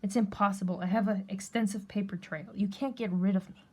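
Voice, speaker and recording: A woman's voice: medium pitch, steady tone, a little fast, warm tone, slightly rough. Blunt, profane woman telling a story. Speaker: vlogger. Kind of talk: personal storytelling rant.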